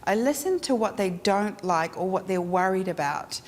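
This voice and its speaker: A woman's voice: mid-range voice, normal speed. Frank woman teaching photography. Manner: frank, animated, acts out clients' chatter. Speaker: photography instructor. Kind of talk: live workshop teaching. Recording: echoey room with faint noise.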